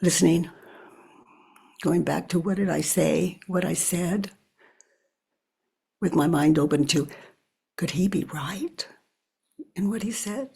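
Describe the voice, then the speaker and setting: An older woman leading a guided self-inquiry, talking slowly and reflectively with pauses and often sinking to a near whisper. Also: on the low side, creaky, darkish tone, breathy edge. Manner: thinks aloud with pauses. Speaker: spiritual teacher.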